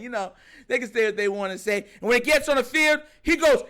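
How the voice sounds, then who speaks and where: A man hosting a sports talk show, giving animated casual reaction commentary and laughing often. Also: very high-pitched, fast, smooth. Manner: animated, excitable, laughs often, mimics players.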